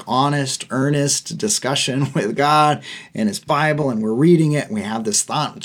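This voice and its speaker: Casual man teaching the Bible. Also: mid-range voice. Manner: conversational, laughs often, checks in with "okay?" and "right?".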